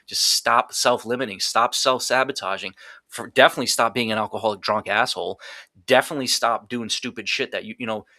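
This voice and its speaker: A man's voice: medium pitch, steady tone, a little fast, sharp tone, no room sound. A man telling a raw personal story in a blunt, intense way, with heavy swearing and many restarts. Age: adult. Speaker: podcast guest.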